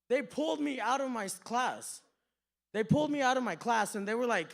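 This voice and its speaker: A man doing a stand-up comedy set on a club stage, telling stories in an animated, profane way. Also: very high voice, moderate pace, creaky.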